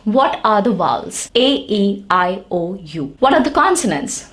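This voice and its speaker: A woman teaching an English lesson, explaining patiently step by step and repeating the example words. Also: mid-range voice.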